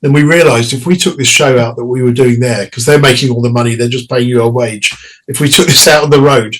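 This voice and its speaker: In a casual interview, a middle-aged male singer spins stories, chatting loosely, laughing, restarting sentences and slipping into quoted voices. He has a medium pitch, slightly bright, and the recording quality is low.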